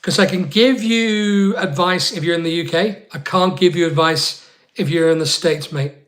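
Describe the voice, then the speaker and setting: Man, Northern Irish accent, higher-pitched voice, casual livestream host, rambling, chatty, addresses viewers by name. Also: moderate pace, a bit bright. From Northern Ireland. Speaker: online seller hosting a live chat.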